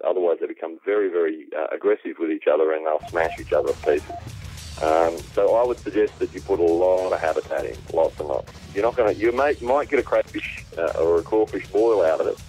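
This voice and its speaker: A man with an Australian accent, an aquaponics specialist, explaining things at length in a relaxed way with many ums, heard over a phone call. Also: sits low, fairly quick, soft background music. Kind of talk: explanatory interview answers. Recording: tinny phone line, dry.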